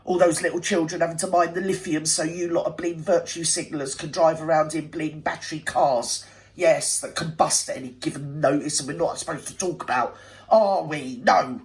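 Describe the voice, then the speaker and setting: A woman's voice: lowish voice, darkish tone. A woman hosting a reaction video, scolding and sarcastic in blunt ranting commentary. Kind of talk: ranting commentary over a clip.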